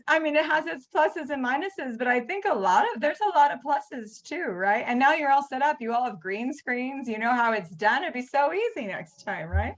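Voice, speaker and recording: A woman's voice: high-pitched, animated, normal speed, few pauses, low-quality recording. A woman directing a theater group, hosting a casual question-and-answer session over a video call, talking with many ums and restarts. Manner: chatty, frequent ums and restarts.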